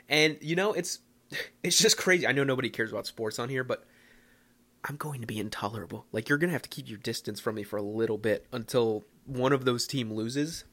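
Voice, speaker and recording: A young man from the Philadelphia area hosting a casual solo podcast, rambling and self-mocking with excitable bursts. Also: medium pitch. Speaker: podcast host.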